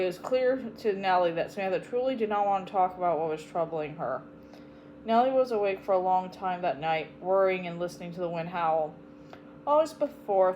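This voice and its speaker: A woman hosting her own channel, reading a children's storybook aloud with expressive, emphatic delivery. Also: lowish voice, lo-fi sound, slight background noise. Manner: expressive, emphatic, tender at sad parts. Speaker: audiobook reader, channel host.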